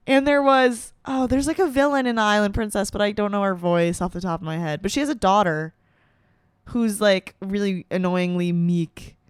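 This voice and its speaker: A woman's voice: mid-range voice, moderate pace, clean tone, dry recording, studio quality. A woman in her twenties, talking in a playful, rambling, swearing comedic monologue. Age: 20s. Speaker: vlogger.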